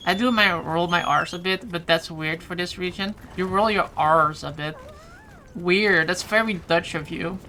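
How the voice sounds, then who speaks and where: Here a streamer from Flanders with a Flemish accent chats easily with viewers mid-game, cursing a little now and then. She speaks at a moderate pace in a lower voice with a sharp edge.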